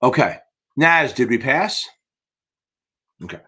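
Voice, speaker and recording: A man's voice: mid-range voice, very animated, slow pace, pushed and bright, breathy edge. A man hosting a live exam-prep Q&A stream, talking in a rambling, profane, cheerleading way. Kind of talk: livestream Q&A chat.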